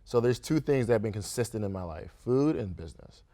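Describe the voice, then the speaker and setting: Guesting on a radio show, a young adult from Grand Rapids, Michigan, who owns a restaurant speaks in a fairly low, mellow voice that is brisk and expressive. He keeps the interview casual, laughing frequently and slipping in "kinda" and "right?"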